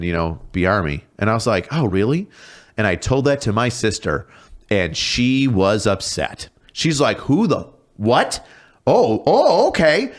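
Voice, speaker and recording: A man in his thirties, a podcast guest telling casual, profane stories and acting out quoted voices. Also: on the low side. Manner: profane, laughing storyteller, acts out quoted voices. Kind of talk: casual storytelling chat.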